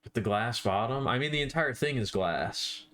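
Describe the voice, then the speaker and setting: A man's voice: mid-range voice, animated, normal speed, fairly bright tone. A man chatting casually on a live stream while he draws, rambling and self-deprecating, with offhand swearing.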